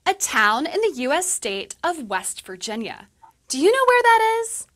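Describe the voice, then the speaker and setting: A friendly English teacher, played by a woman in a scripted lesson video. She speaks slowly and clearly, with a high, bright voice. Her pitch swings a lot as she explains. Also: big pitch swings. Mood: cheerful. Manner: slow, clear teaching delivery. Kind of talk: scripted educational dialogue.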